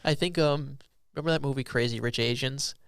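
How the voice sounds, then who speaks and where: A man co-hosting a casual podcast chat, easygoing and quick to laugh. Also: mid-range voice, gravelly, fairly bright tone, clean tone, dry recording, studio quality.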